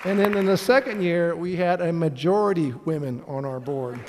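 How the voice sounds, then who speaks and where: A middle-aged man speaks on a conference stage with a slightly raised pitch, earnest and upbeat, now and then pausing on an "um". His voice rings out with a long reverb from the big hall around him. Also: a crowd in the background, background noise. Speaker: panel moderator. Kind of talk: conference panel moderating.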